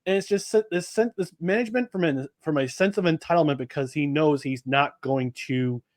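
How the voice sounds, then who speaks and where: A man co-hosting a sports podcast, talking in an animated, exasperated way with many restarts. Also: on the high side, fairly quick, no echo, clean studio sound. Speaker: podcast co-host. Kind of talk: casual sports talk.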